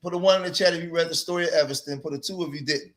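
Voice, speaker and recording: A man's voice: on the high side, fairly even intonation, very fast, a bit bright. Emphatic man hosting a livestream. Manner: preachy, emphatic, repetitive. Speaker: livestream host. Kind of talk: livestream commentary.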